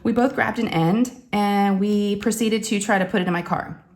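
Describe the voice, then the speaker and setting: A woman's voice: medium pitch, normal speed. A woman, a crafting vlogger telling a story in casual chat and acting out the quotes with animation. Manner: animated, acts out quotes, says y'all.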